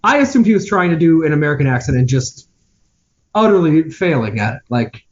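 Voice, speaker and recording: Lively, exasperated high-voiced man. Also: fairly quick. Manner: animated, exasperated ranting. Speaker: podcast co-host. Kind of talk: casual chat. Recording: dull lo-fi sound.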